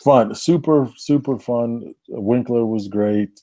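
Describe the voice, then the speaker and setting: A man on a casual movie podcast, relaxed and enthusiastic as he recommends films. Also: mid-range voice, takes it slowly, dry recording. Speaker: podcast co-host. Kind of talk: casual chat.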